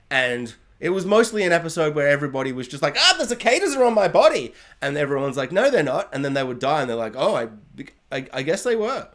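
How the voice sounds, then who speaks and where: A young man giving a casual, rambling TV episode review, often acting out characters' lines. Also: fairly high pitch.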